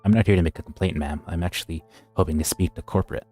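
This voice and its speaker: A man reading as a polite undercover agent who sounds careful and a bit hesitant. The voice is low and mellow. Faint music plays behind him. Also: steady tone, fast. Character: undercover male corporate agent, polite, wary.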